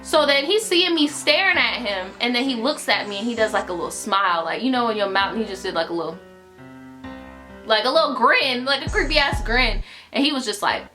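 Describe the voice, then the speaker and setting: Animated young woman telling a story. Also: fairly high pitch, brisk. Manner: animated, profane, filler-heavy storytelling. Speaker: YouTuber. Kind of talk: casual storytime vlog. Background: music.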